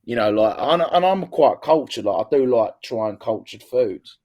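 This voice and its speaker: A man's voice: medium pitch, lively intonation, normal speed, a little mellow. A young man, a guest chatting casually in an interview, stumbling over repeated words and swearing freely.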